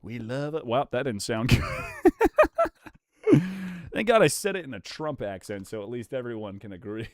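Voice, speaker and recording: A young man in his twenties streaming casual chat while opening trading card packs, excitable and swinging from mumbled asides to loud hyped yells. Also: medium pitch, measured pace, pauses often, dry recording, studio quality.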